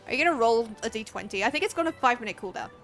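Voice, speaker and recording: A young woman from Australia streaming a game, chatting casually with viewers, excitable, laughing often and swearing freely. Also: on the high side, very fast, soft background music. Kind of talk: casual live-stream chat.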